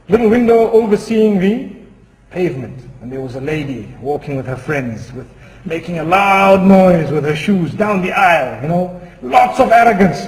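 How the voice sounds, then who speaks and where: High-voiced preacher in an echoing hall. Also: male voice, darkish tone. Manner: measured, chuckling, moralizing. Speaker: Islamic preacher. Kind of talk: sermon with humorous storytelling. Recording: echoey hall with faint noise.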